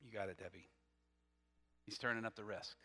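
A man preaching a sermon, reading scripture aloud with lively asides, laughing often and questioning his listeners. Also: lowish voice, normal speed, slightly rough. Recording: long reverb from a hall.

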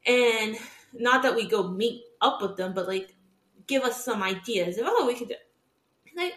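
A woman in her twenties co-hosts a podcast in an echoey room, chatting candidly, laughing often and acting out other people's words in animated stories. Her voice sits on the high side and she talks a little slowly.

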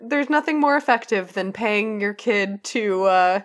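A woman co-hosting a podcast in casual chat, agreeable and quick with short responses. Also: medium pitch, expressive. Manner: agreeable, frequent backchannels. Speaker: podcast co-host.

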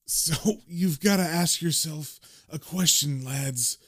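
This is a cocky con man with nothing left to lose, put on by a man reading a comic aloud. He taunts his enemies in an unhurried, mocking drawl. The voice sits a bit high for a man. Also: fairly bright tone. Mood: threatening. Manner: mocking, swaggering, slow drawl. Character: cocky dying British con man, defiant.

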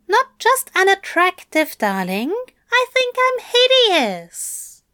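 A woman voicing a tender, self-doubting male angel in a fan fiction reading, pushing her voice much higher. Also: huge pitch swings, takes it slowly, sharp tone, heavily acted. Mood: pleading, self-doubting.

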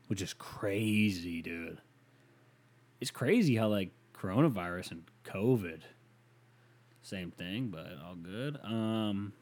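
A man hosting a solo podcast, rambling and swearing as he answers listener email, swinging from loud rants to muttered asides. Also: lowish voice. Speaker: podcast host.

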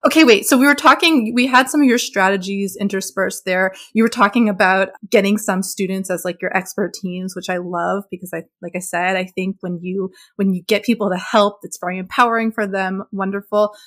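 A woman's voice: mid-range voice, steady tone, brisk, few pauses, a bit bright. A woman hosts an interview, asking questions in a thoughtful, conversational manner. She often works her way into a question with "I mean" and "like.".

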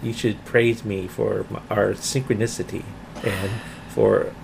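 A man in his forties co-hosts a relaxed home podcast in a low-key, dryly playful manner. His voice has a gravelly edge, and a faint hiss runs under the recording. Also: a little slow. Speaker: podcast co-host. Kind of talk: casual chat.

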